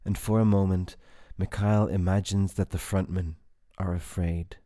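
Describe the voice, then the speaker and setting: A man narrates a dark fantasy audiobook in a low voice. He takes his time over each line, reading steadily and evenly. The delivery is measured rather than rushed. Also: fairly even intonation. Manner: measured and unhurried.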